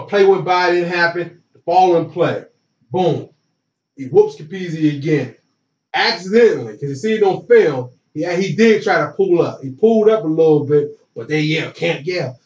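Speaking at a normal speed with a slightly high voice, this ex–college football player spins a slangy, animated story and voices the quotes himself. The audio is distant, roomy, and dull.

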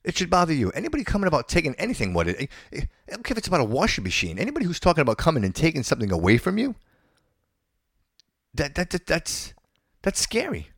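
On the high side and gravelly, a podcast host's voice carries an indignant, opinionated rant. He stammers often, repeating words and starting phrases over. The sound is clean studio audio with no room sound.

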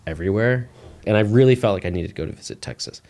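A man's voice: fairly low pitch, fast. A man sharing a personal testimony as a guest in a casual, rambling way, full of "like" fillers. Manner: relaxed, rambling, heavy use of "like" fillers. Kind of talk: casual storytelling interview.

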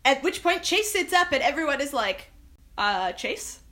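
Brief: high, bright-voiced woman podcast co-host, wry, breezy film recap. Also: sing-song. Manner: wry, quotes characters in quick voices. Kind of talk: casual chat.

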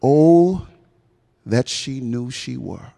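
Romeo, ardent young male lover, man reciting, semi-Bahamian American accent, slow stagey delivery, big echoing hall. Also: mid-range voice, animated, creaky, dark tone, heavily acted. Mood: lovestruck. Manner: dramatic stage recitation with long pauses. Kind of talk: Shakespeare recitation within a sermon.

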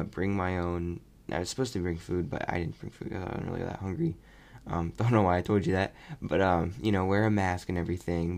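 A young man casually reviewing a movie on his podcast, rambling and animated. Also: low voice, creaky. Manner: rambling, animated, mocking voices when quoting. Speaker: podcast host.

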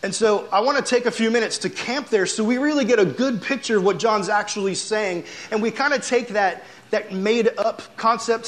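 A young man preaching to a youth group in an animated, casual storytelling style, full of "like". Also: sits high. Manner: animated, chatty, heavy use of "like". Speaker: youth pastor.

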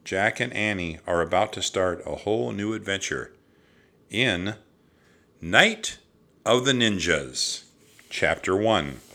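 A man with a low, bright voice reads a children's storybook aloud. His delivery is slow and measured, and his pitch swings widely from line to line. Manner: expressive, measured reading. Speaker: narrator. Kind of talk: storybook reading.

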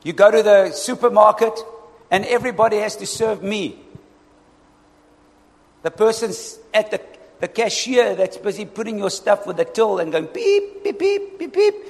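An animated male preacher with a fairly high voice, repeatedly calling out to his congregation. His voice rings with a long hall reverb. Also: moderate pace, gravelly. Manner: animated, asks the congregation for responses. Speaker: pastor. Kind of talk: sermon.

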